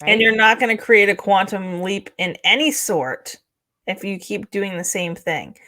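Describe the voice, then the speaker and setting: A woman co-hosting a podcast, explaining ideas in a steady motivational manner and often asking "right?". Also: medium pitch, measured pace. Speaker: podcast co-host. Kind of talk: casual motivational chat.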